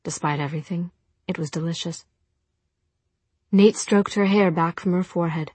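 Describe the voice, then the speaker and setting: A woman with a low, husky voice narrating a novel at an even, measured pace. The sound is close and dry, with no room around it. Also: no room sound. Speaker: audiobook narrator. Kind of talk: scripted narration.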